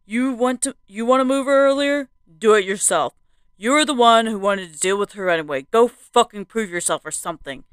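A woman's voice: fairly high pitch, brisk, few pauses, warm tone, smooth, no echo, pitched above the performer's own voice, natural voice. A woman voicing an angry man who berates a coworker, harsh and swearing, in a horror story narration. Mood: furious.

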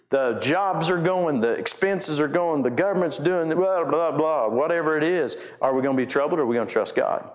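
A man's voice: fairly high pitch, normal speed, few pauses. Folksy middle-aged man preaching. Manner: folksy, rambling, self-correcting, emphatic. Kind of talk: informal sermon.

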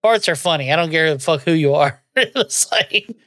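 A man's voice: fairly high pitch, animated, normal speed, fairly bright tone, no room sound, studio quality. A man co-hosting a podcast, trading crude jokes full of swearing and laughing a lot. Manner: profane, joking, laughs often. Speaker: podcast co-host. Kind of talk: casual crude podcast banter.

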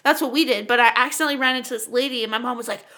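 Podcast co-host, young woman from Canada, high and bright voice, swears freely, acts out every voice in her stories. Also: rapid-fire. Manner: animated, profane, acts out voices. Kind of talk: casual storytelling chat.

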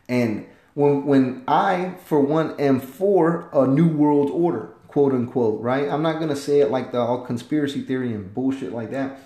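Male podcast host, ex-Marine from the States, mid-pitched, profane and rambling, echoey room. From United States. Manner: profane, rambling, emphatic with loud swings. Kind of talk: casual podcast monologue.

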